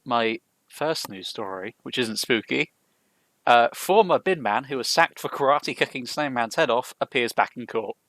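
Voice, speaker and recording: A man with a mid-pitched voice that moves a lot as he talks. He tells chatty anecdotes and reads out news items in a relaxed podcast manner. The recording is close and dry. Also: moderate pace, no echo. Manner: chatty anecdote telling, leads the news segment. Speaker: podcast co-host. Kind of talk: casual chat.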